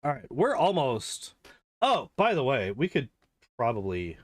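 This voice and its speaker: A man's voice: mid-range voice, wildly swooping pitch, a little slow, no room sound. A man chatting casually and rambling while playing a game, swearing freely and laughing often. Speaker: gaming streamer.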